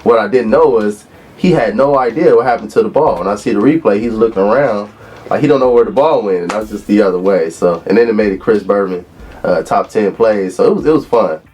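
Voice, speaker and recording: A man in his thirties from Los Angeles, a former college football player, relaxed as he tells stories in an interview. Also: on the low side, brisk, slightly rough. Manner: relaxed storyteller who acts out quotes. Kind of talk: interview reminiscing.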